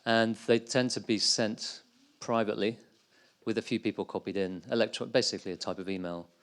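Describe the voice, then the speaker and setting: A man's voice: on the low side, fairly even intonation, a little fast, fairly bright tone, smooth. A man hosting a conference Q&A and asking a question hesitantly, with many fillers. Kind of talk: casual conference Q&A.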